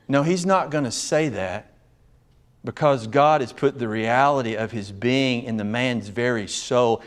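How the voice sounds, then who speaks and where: A man's voice: medium pitch, a bit bright. A male pastor preaching a sermon, telling stories with emphatic delivery and acting out dialogue.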